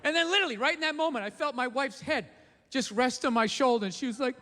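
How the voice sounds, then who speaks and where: Male stand-up, profane and exasperated, sharp high voice, faint room noise. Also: expressive, quick pace. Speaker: stand-up comedian. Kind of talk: stand-up comedy set. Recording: live hall reverb, faint noise.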